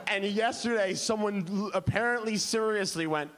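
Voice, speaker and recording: A man performing a stand-up comedy set on a club stage, telling stories with animated delivery and shouted punchlines. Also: sits high, moderate pace. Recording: noisy live club recording.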